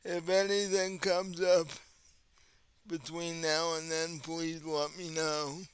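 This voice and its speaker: Guy doing a polite centuries-old vampire prince, super slow and clear, bright voice. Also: on the high side. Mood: courteous. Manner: calm, courteous, unhurried host tone.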